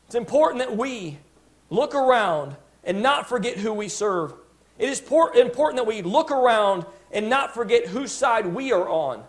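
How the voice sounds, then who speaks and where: A pastor preaches a sermon in a voice that sits high, speaking emphatically. He stops to restart phrases and asks his congregation, "Amen?"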